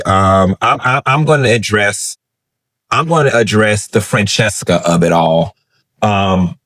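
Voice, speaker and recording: A man hosting celebrity gossip commentary, ranting in a sassy, blunt and profane way. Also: fairly low pitch. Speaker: host.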